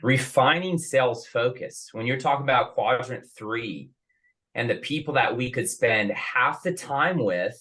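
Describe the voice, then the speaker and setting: A man's voice: mid-range voice, animated, measured pace, bright, forceful tone. Enthusiastic man hosting a video call. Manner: enthusiastic, restarts sentences. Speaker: host. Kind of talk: casual chat.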